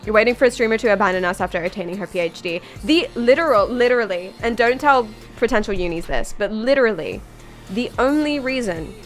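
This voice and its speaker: A woman's voice: on the high side, expressive, fast, soft background music. A young British woman streaming a game, chatting casually with viewers in a rambling, jokey, tangential way while sounding tired.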